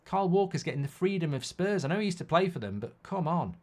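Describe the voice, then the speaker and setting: A man's voice: a little high, lively intonation, fast talker. A man hosting a live football watchalong, casual and blunt, reading out viewer comments between reactions to the match. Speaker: host.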